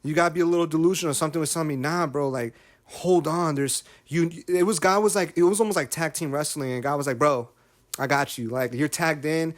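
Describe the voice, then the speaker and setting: A man's voice: a little high, a little fast. Emotional, preachy man in his thirties. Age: 30s. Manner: emotional, preachy, repeats phrases. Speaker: guest, rapper and content creator. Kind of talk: candid podcast conversation.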